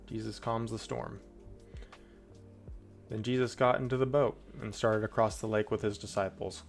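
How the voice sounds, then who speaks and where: Faint music sits behind a streamer who reads from the Bible, breaking off for loose, chatty commentary. He speaks at a moderate pace in a lowish, steady voice with vocal fry.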